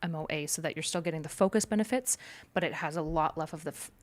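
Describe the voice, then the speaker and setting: A woman's voice: sits low, fast talker. A young woman co-hosting a casual livestream chat, explaining clinical terms in a chatty way with plenty of fillers. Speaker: co-host.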